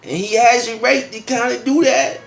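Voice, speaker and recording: A man's voice: extremely high pitch, fairly even intonation, moderate pace, vocal fry. A man hosting his own show, reading news headlines and riffing on them in a loose, slangy, rambling way. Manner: loose and slangy, with frequent asides and filler phrases. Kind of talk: casual rambling news commentary.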